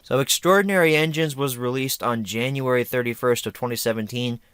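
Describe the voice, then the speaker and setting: A man's voice: mid-range voice, fairly quick, over music. A man hosting a home media review vlog, casual, chatty, opinionated and self-deprecating.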